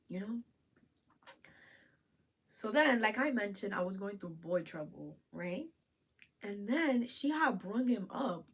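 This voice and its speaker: A young woman spills a storytime vlog in a bright, forceful voice. She is slangy and profane, laughing through the telling. She shoots from loud outbursts down to quiet asides. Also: mid-range voice, breathy edge. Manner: animated, swings between loud outbursts and hushed asides. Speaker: vlogger.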